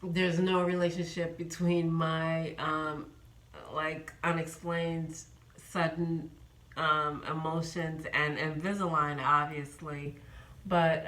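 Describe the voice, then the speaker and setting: A woman's voice: deep voice, a bit bright, echoey room, rough recording. A woman in her fifties from New York, chatting casually in a rambling vlog update with many ums. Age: 50s. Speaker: vlogger.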